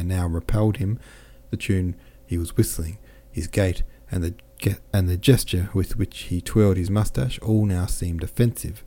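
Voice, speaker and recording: A man narrating a classic novel as an audiobook podcast host, in a measured, steady way. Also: deep voice.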